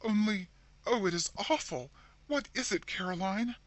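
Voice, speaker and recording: A man's voice: high-pitched, lively intonation, moderate pace, a bit bright, dry recording, pitched above the performer's own voice. A man voicing a placid, fussy middle-aged woman who becomes horror-struck and shrieks. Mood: horrified. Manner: fussy, then shrieking in alarm.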